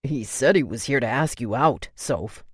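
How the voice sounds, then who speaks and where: Lady narrator putting on a low gruff big brother, blunt and menacing, audiobook. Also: expressive, normal speed, dry recording, studio quality, heavily acted. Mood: stern. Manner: blunt and threatening. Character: overprotective, hot-tempered teenage older brother. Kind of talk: audiobook character voice.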